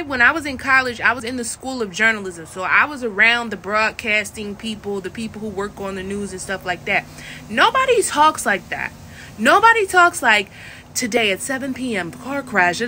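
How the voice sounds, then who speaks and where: Brief: woman from Florida, casual vlog coach, bright, blunt and chatty, fairly high voice. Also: a little hiss or hum. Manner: chatty and blunt, laughs often. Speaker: online coach.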